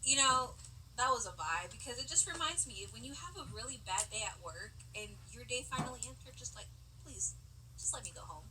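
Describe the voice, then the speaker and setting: A woman co-hosting a podcast, retelling movie scenes in an animated, laughing way. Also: a little high, brisk. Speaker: podcast co-host. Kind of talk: casual movie recap chat. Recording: distant mic with faint background hiss.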